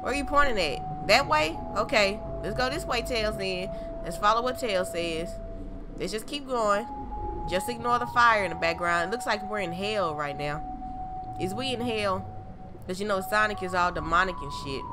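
A woman streamer gives excitable, cursing commentary while playing a horror game. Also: mid-range voice, normal speed. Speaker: gameplay streamer. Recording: loud game music behind the voice.

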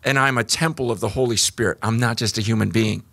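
A man preaching a sermon, moving between hushed, slow passages and animated, emphatic stretches. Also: lowish voice, vocal fry, slightly rough, no room sound. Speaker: pastor.

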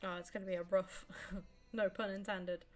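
A woman's voice: medium pitch, little pitch movement, normal speed, faint music behind. A woman in her twenties giving casual live commentary on her own gameplay, laughing often, swearing and mocking herself. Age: 20s. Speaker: gaming streamer.

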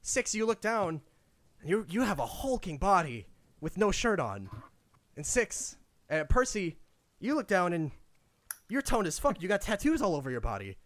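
A man's voice: high voice, sing-song, normal speed, long pauses, fairly bright tone. A young man narrating a tabletop game as game master, chatty and laughing often.

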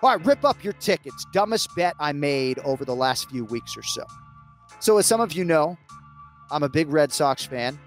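An American man hosting a casual sports betting chat, chatty and self-mocking with quick asides. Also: fairly high pitch, big pitch swings, soft background music. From United States. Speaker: host.

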